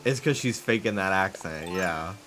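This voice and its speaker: A man's voice: low voice, animated, normal speed, a bit bright, faint music behind. A man chatting casually on a game stream, swearing often and laughing as he rambles.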